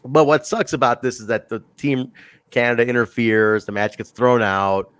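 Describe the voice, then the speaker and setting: A man co-hosting a casual wrestling review chat, telling stories in a rambling, animated way. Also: mid-range voice, normal speed, clean tone, no room sound. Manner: rambling, animated storytelling with laughs. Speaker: podcast co-host reviewing wrestling.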